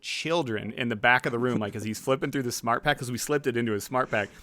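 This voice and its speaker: A man co-hosting a podcast, telling stories in a casual, animated way and often slipping into other people's voices. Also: mid-range voice, quick pace. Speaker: podcast co-host. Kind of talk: casual storytelling chat.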